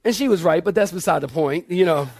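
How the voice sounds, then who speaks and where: High-voiced pastor telling stories. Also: male voice, quick pace, husky. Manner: animated storyteller, acts out quoted voices. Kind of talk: sermon storytelling. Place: church.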